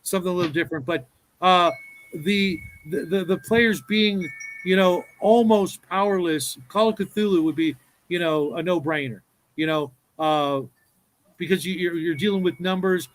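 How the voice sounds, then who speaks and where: Rambling high-voiced man, faint hiss. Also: fairly even intonation, moderate pace, fairly bright tone, low-quality recording. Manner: rambling, restarts often. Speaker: podcast panelist. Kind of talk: casual chat about tabletop games.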